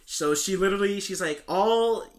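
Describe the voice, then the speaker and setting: Bright-voiced young man recapping a movie. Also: medium pitch. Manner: swearing, laughing, quick plot retelling with goofy quoted voices. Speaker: podcast co-host.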